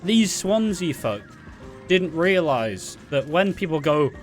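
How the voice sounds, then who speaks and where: A man's voice: on the high side, sing-song, slow, faint music behind. A young man with a Welsh accent telling rambling, sweary anecdotes, laughing as he goes. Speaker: vlogger. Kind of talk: casual storytelling.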